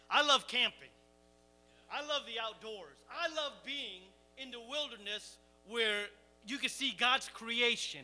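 A man preaching, telling a lively, self-mocking camping story to his congregation. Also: very high-pitched, measured pace, faint music behind. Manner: animated, self-deprecating storyteller. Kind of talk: storytelling sermon.

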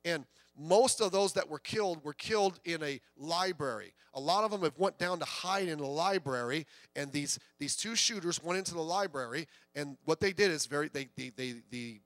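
Male pastor, sermon, high voice, chatty storytelling, dry recording. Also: fairly bright tone, no echo. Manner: conversational preaching with anecdotes and quoted voices.

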